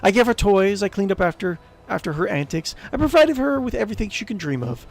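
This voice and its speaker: A man's voice: sits high, sing-song, fast talker, vocal fry, voice pushed up, exaggerated voice. A man voicing a vengeful ghostly noblewoman aunt, reading her lines with cold scorn and mockery. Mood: mocking. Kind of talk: reading game dialogue aloud.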